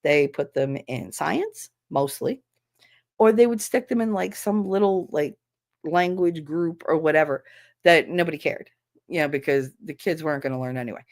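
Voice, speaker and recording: A woman's voice: low voice, normal speed. A woman in her thirties chatting casually, blunt and sarcastic, swearing freely and acting out quoted conversations. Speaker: streamer chatting while sorting files. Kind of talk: casual ranting chat.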